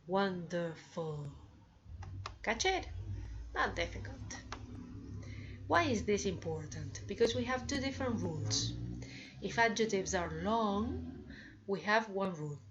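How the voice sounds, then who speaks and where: Slow, deliberate woman teaching English. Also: mid-range voice, lively intonation, lo-fi sound. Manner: slow, deliberate, asks learners rhetorical questions. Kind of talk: slow classroom explanation.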